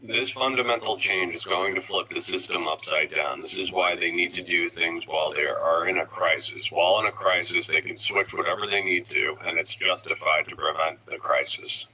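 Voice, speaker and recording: A deep-voiced man narrating in a flat, deadpan monotone with a sarcastic edge. His tone is very bright and sharp, with faint ambient noise behind him. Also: normal speed, few pauses, low-quality recording. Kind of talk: sarcastic voice-over commentary.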